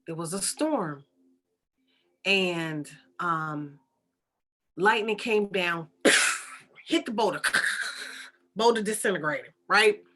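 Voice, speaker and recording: A woman, a spiritual teacher, telling a story in an animated, repetitive, conversational way. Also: fairly low pitch, slow, pauses often. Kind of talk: storytelling talk.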